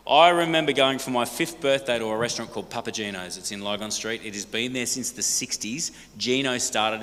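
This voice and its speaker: A middle-aged man with an Australian accent speaks to a church congregation, his voice on the low side. He tells stories in a lively, joking way and keeps asking the audience questions. The sound rings with the long reverb of a large church hall. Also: slight background noise. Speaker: guest speaker. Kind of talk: storytelling talk to a church congregation.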